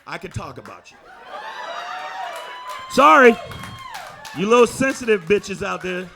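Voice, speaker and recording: A man's voice: high-pitched, expressive, measured pace, vocal fry, pauses often, bright, forceful tone, a little hiss or hum. A man doing a brash, profane stand-up comedy set on a comedy club stage, speaking into a handheld mic.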